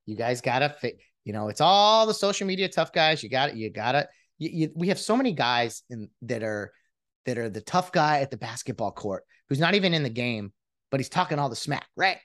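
A man vents about football in a casual rant, his pitch leaping and falling as he goes. He sounds exasperated and mocking, stumbling over restarts as the words pile up. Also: big pitch swings, brisk, fairly bright tone. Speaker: sports commentator venting as a fan.

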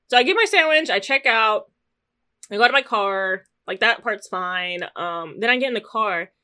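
A woman, casually telling a podcast story, animated and swearing freely, jumping into loud high squeals when she quotes herself. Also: clean tone. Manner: swears freely, quick asides. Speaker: podcast co-host.

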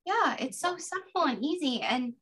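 A woman in her fifties, a podcast guest, sharing a personal practice in an earnest, gently guiding way. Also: high-pitched, sing-song. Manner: earnest, gently guiding, slow deliberate affirmations.

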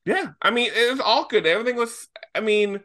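A man co-hosting a casual film review podcast, talking excitedly and swearing freely. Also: extremely high pitch, a little fast. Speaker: podcast co-host.

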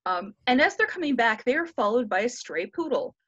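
A woman in her thirties with a slightly high, sing-song, a bit bright voice casually retells a classic story, irreverent and swearing freely as she jumps into the characters' lines. Her voice is close and dry with no room sound, and the audio is slightly dull and lo-fi.

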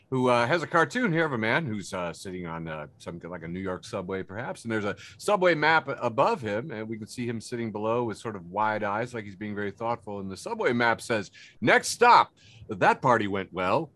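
A man's voice: mid-range voice, animated, a little fast, sharp tone, no echo. A man co-hosting a podcast, describing memes enthusiastically with frequent uhs. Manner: enthusiastic, hesitant with many uhs. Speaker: podcast co-host. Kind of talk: casual chat reading memes.

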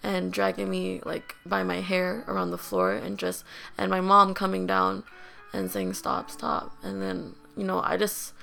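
Very gravelly-voiced young woman storyteller. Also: fairly low pitch, measured pace, bright, forceful tone, faint music behind. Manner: candid, rambling, heavy use of "like" and fillers. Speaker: podcast host. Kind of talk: personal storytelling.

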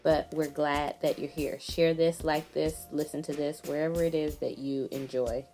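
A woman's voice: low-pitched, fairly even intonation, normal speed, warm tone, faint music behind. A woman co-hosting a podcast in a casual chat, welcoming listeners and teasing her friend. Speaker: podcast co-host and licensed clinician.

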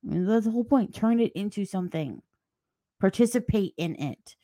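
A woman's voice: medium pitch, expressive, moderate pace, mellow, dry recording. A woman hosting a solo podcast, giving blunt, sarcastic opinions in a rambling way and mocking people with put-on voices. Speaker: podcast host.

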